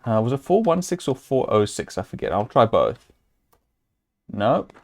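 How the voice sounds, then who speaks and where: Lively man thinking aloud over a game. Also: medium pitch, normal speed, creaky. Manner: chatty, thinks aloud, amused chuckles. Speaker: streamer playing a point-and-click game. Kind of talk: casual let's-play commentary.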